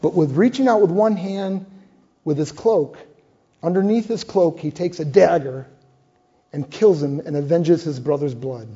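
An older man preaching a sermon, retelling a scripture story in an animated way and acting out the dialogue. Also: a little high, measured pace, breathy edge. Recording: muffled lo-fi sound.

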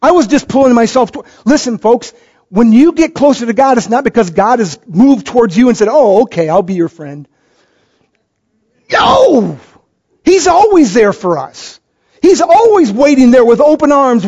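A man's voice: very high-pitched, mellow. A middle-aged man preaching a sermon as pastor, telling stories animatedly and acting out quoted voices. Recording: dull lo-fi recording.

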